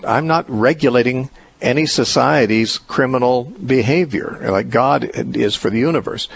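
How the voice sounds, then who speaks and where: A man hosting a call-in radio show, explaining Bible teaching in a measured, reasoning way with occasional restarts. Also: mid-range voice, creaky, slight background noise. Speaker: radio host answering callers.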